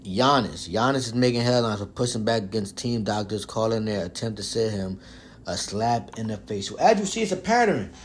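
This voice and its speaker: A young man hosting a casual sports podcast, talking loosely with lots of slang and profanity, swinging between loud outbursts and low muttering. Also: expressive, fairly quick, slight background noise. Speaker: podcast host.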